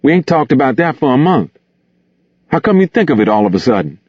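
A man puts on a jumpy young man, higher than his reading voice, anxious and quick to take offence. His slangy lines come out raised and defensive on a dry, dull, lo-fi recording. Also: very animated, husky, no room sound. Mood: nervous. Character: nervous young man, defensive and easily stung.

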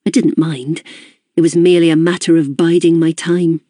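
A woman's voice: low-pitched, steady tone, moderate pace, mellow, no echo, studio quality. A woman narrating a novel in the first person, in a precise and formal manner. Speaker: audiobook narrator.

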